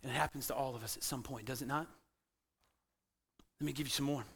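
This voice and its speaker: A man preaching a sermon as pastor to a congregation in a church, animated and swinging between loud emphasis and quiet intensity. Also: medium pitch, quick pace, vocal fry, husky. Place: church sanctuary.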